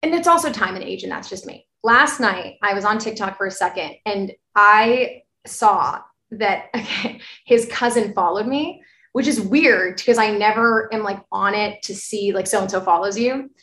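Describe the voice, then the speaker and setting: A woman's voice: medium pitch, normal speed, sharp tone. Podcast co-host, woman in her 20s, rambly and self-apologizing, echoey home room. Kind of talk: casual chat. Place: apartment bedroom, from the US.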